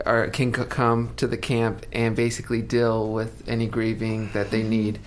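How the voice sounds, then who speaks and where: A man being interviewed on a radio talk show, speaking in halting stops and restarts. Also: lowish voice, completely flat delivery, a little hiss or hum. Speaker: guest, music group member.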